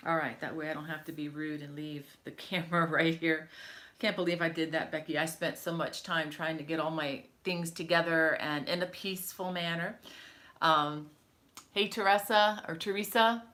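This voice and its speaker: A woman's voice: low-pitched, level tone, normal speed. A middle-aged woman hosting a crochet live stream from home, chatting with viewers and greeting them by name. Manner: chatty, warm greetings to viewers, many fillers. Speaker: crochet channel host. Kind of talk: casual live-stream chat.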